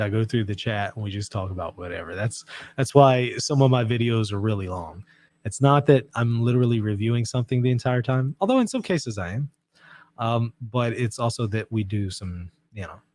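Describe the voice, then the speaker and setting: A man hosting a livestream, reading out viewer comments in relaxed, self-mocking chat and laughing often. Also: fairly low pitch. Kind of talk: casual chat.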